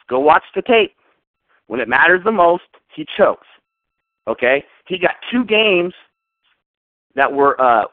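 A man ranting into a phone, heard through a thin, tinny line that strips away the low end. His voice sits fairly high and swings widely up and down as he hammers each point with sarcasm. The sound is dry and close, with no room around it. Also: dry recording. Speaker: caller. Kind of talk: fan call-in rant.

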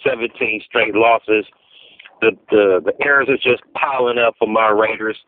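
A man's voice: fairly low pitch, steady tone, normal speed. A man calling in from Los Angeles, venting angrily and cursing about his team's losing streak. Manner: angry, profane venting. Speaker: caller. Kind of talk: call-in voicemail rant. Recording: tinny phone line.

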